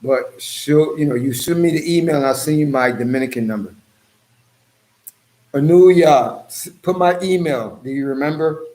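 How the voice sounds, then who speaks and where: A man's voice: medium pitch, brisk, darkish tone. A man hosting a casual livestream, joking and calling out viewers by name. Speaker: livestream host.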